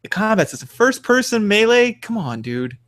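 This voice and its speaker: A man's voice: high-pitched, sing-song, normal speed, a bit bright, slight background noise. A young man co-hosting a podcast, ranting animatedly about video games in casual, profane chat. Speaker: podcast co-host.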